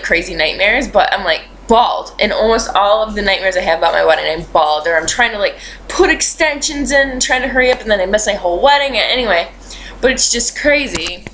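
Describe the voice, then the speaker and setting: A woman's voice: mid-range voice, fairly bright tone, slight background noise, rough recording. Chatty young woman, rambling. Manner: rambling, chatty storytelling with many fillers. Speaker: beauty vlogger. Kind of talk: casual chat.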